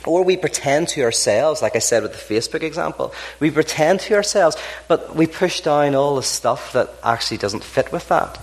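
A man's voice: a little high, normal speed, hardly any pauses. A man from Ireland, giving a storytelling talk to an audience and acting out the characters in his jokes. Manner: animated, acts out characters in jokes.

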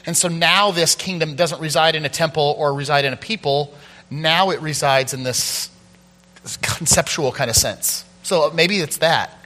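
Man, pastor, bright voice, playful, animated, long hall reverb. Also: a little high, normal speed. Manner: animated, playful, thinks aloud. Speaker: pastor leading discussion. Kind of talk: casual church Bible discussion.

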